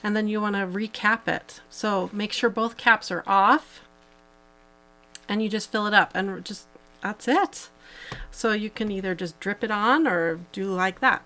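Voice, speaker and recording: A woman's voice: mid-range voice, measured pace, sharp tone, soft background music, rough recording. A woman hosting a live craft tutorial, chatting casually as she demonstrates each step, with plenty of fillers. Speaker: host.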